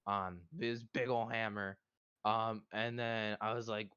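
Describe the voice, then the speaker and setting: A man's voice: fairly low pitch, little pitch movement, unhurried, pushed and bright, clear, resonant tone, dry recording, muffled recording. Rambling, profane man recapping a game. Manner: rambling, profane, with many fillers. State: strained voice after a long session. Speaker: player recapping the last session. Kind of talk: casual recap of a tabletop game.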